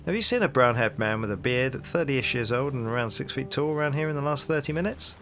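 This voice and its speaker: A man's voice: medium pitch, fast talker, fairly bright tone, soft background music. A male streamer reading game text aloud as he plays, with dry, wry asides. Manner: dry wry asides between read lines.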